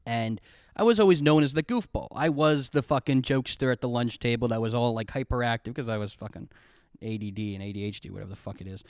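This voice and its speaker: A man's voice: medium pitch, fast talker, clean tone, no echo, clean studio sound. A man hosting a casual solo podcast, telling rambling, profane, self-mocking stories. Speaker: podcast host.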